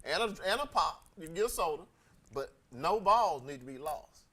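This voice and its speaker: A man's voice: on the high side, normal speed, over a noisy crowd. A man hosting a casual chat, telling stories with laughter and acting out the people he quotes. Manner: animated, laughing, acts out quoted voices. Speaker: host.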